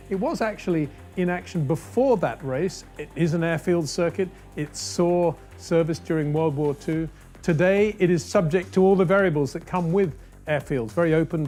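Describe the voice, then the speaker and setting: A man's voice: a little high, darkish tone. A man presenting the show, narrating history and chatting admiringly with his guest.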